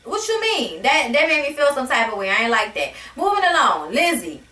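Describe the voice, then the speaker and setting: A high-voiced woman rants about a reality TV episode in a sassy, blunt, profane way. Her voice is bright. The room is echoey and she sits a little back from the mic. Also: very animated, fairly quick, distant mic. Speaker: reality TV reviewer. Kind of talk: casual rant to camera.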